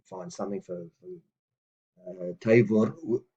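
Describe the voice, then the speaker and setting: A man teaching a lesson, reading out phrases slowly and deliberately, with hesitant fillers between explanations. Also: low voice, warm tone, slightly rough, lo-fi sound. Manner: slow and deliberate on old words, with hesitant fillers. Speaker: language teacher. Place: room with books on a table.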